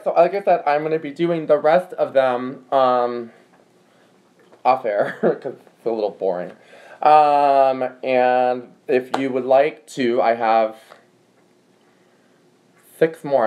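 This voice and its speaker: A man's voice: medium pitch, dull audio. A young man hosting a casual livestream, chatty and rambling with lots of filler words. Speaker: livestream host. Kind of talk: casual chat.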